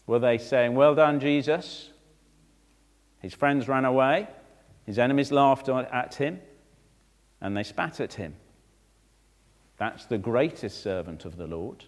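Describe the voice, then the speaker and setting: A man's voice: medium pitch, unhurried, long pauses, long reverb tail. A man, a vicar, preaching a sermon with rhetorical questions and direct asides to children.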